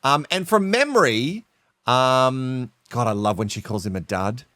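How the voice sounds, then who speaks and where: A man's voice: mid-range voice, animated, measured pace, pushed and bright, dry recording. A man co-hosting a podcast, chatty, swearing freely and laughing often. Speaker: podcast co-host. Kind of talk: casual chat.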